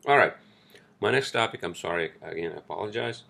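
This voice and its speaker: Guy ranting on his solo podcast, swears a lot, gravelly low voice that jumps all over. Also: animated, brisk, pushed and bright. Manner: profane, ranting, rambling with restarts; reads a news article aloud. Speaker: podcast host.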